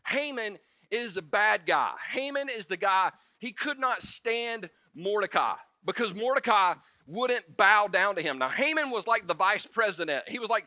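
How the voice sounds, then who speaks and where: Pastor guy doing a chill sermon, super bright tone, dry close sound, jokes around and does quick character bits. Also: sits high, no echo. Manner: conversational and joking, with quick asides and restarts; acts out the story figures in quick voices. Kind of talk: casual sermon.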